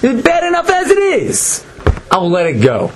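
A man puts on a complaining accuser spirit with a high, swooping voice that sneers at every deed. He is scornful and protesting. Steady noise sits under the voice. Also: normal speed, creaky, heavily acted. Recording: noisy lecture recording.

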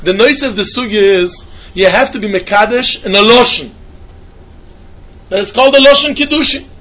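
Man, Talmud class, very high voice, sing-song questions, repeats himself. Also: normal speed, sharp tone. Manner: sing-song questioning, repeats phrases, mixes Yiddish and Hebrew terms. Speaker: Talmud teacher. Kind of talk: yeshiva-style Talmud lesson.

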